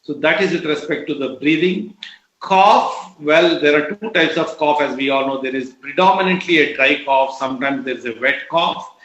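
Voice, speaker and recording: A middle-aged man with an Indian English accent explains health advice in a measured lecture, pausing often on "uh". His voice is strained and a little raised in pitch for a man. The sound is dull and lo-fi, with a roomy echo. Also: a bit bright. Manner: measured, explanatory, frequent uh fillers. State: voice lower than usual from strain. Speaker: doctor giving a health talk. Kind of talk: medical lecture with slides. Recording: echoey, dull lo-fi recording.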